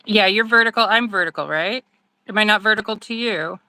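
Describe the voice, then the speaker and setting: Loud, bright-voiced woman chatting. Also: mid-range voice, brisk, no room sound, rough recording. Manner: loud, animated, laughs easily. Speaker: guest resin maker. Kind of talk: casual live-stream chat while crafting. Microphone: phone mic on a video call, close to the face.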